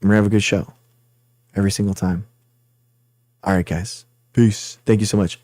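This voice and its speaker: A man's voice: lowish voice, steady tone, moderate pace, pauses often, dark tone, dry recording, studio quality. A man hosting a livestream, casually rambling through thanks and apologies as he signs off. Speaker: host.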